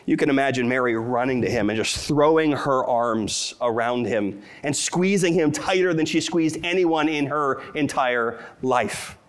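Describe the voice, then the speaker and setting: A man's voice: mid-range voice, clear, resonant tone. Middle-aged guy preaching, earnest and tender, voice climbs when he gets emotional. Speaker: pastor. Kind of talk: sermon.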